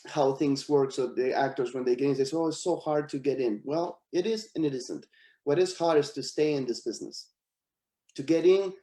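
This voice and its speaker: A man's voice: medium pitch, reverberant. A middle-aged man from Argentina with an Argentine Spanish accent, speaking English as a guest actor in a webinar, telling stories with frequent laughs. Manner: animated anecdotal storyteller, laughs often. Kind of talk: storytelling in a webinar. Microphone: video call.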